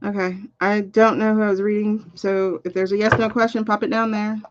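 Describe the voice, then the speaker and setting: A woman's voice: mid-range voice, level tone, a little fast, lo-fi sound. A woman reading cards on a live stream, chatting casually and muttering to herself while she sorts out links. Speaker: live card reader. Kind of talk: casual livestream chat.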